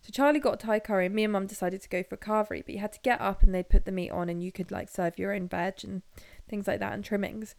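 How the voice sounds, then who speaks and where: A young Englishwoman co-hosts a relaxed chat podcast, telling stories with plenty of giggles. Her voice sits at an ordinary pitch and sounds dry and close to the mic. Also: fast, gravelly, few pauses, dry recording. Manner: giggly, chatty storytelling. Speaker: podcast co-host. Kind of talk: casual chat.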